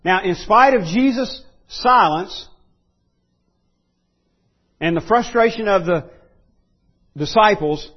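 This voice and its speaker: A man preaching a sermon in an earnest way, rising to loud pleading when he voices quotes. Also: sits high, expressive, slow pace, pauses often, highs cut off. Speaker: pastor.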